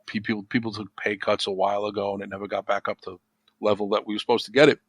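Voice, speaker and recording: A man's voice: fairly low pitch, flat delivery, fast, no room sound. A man talking as a podcast guest in a rambling, repetitive way, with lots of "you know.". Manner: rambling, repeats himself, frequent "you know". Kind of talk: casual conversation.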